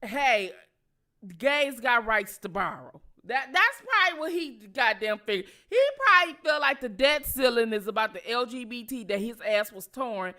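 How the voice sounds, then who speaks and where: Woman channel host, bright, fairly high voice, profane and emphatic commentary. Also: lively intonation, normal speed, few pauses. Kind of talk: casual political commentary.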